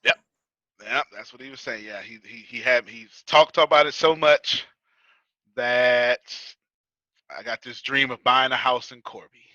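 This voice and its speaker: A man's voice: mid-range voice, a little slow, sharp tone, dry recording, lo-fi sound. Folksy American man with a Texas accent. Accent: Texas, Houston area. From United States. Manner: folksy, joking, colloquial. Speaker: business coach teaching a class. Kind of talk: casual teaching talk to a live audience.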